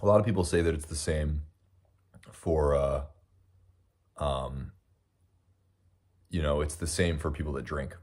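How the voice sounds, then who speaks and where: His voice is a rumbling, darkish low, and he takes his time, leaving long pauses. The young American livestream host eats breakfast while reading and responding to comments from viewers, drifting reflectively and filling gaps with "um"s and the like.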